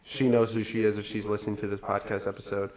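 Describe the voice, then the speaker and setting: A man's voice: lowish voice, flat delivery, fast talker, a crowd in the background. A young man co-hosting a podcast in casual chat, rambling with lots of fillers and laughing often. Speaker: podcast co-host.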